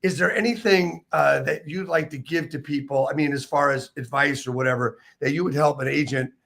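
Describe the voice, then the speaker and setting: A man's voice: a little high, fairly even intonation, brisk, creaky, a bit bright. A man hosting an interview show, talking in an enthusiastic, rambling way with many restarts. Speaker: podcast host. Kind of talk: casual interview chat.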